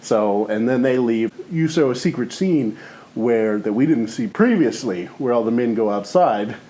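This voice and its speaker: A man co-hosting a comedy podcast, rambling through a movie pitch full of "you know" and "or whatever" and laughing often. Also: expressive, normal speed, mellow, poor audio. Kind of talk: casual comedic chat.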